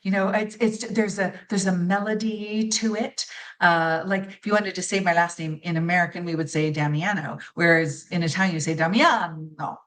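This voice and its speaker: A woman guest in a casual interview, speaking thoughtfully with halting restarts. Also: fairly low pitch, fairly even intonation, rough recording.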